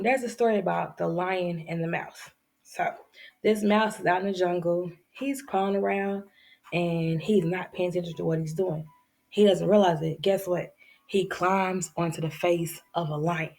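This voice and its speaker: A woman teacher telling children's fables in an animated storytelling lesson, acting out the characters with big jumps in her voice. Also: medium pitch, vocal fry.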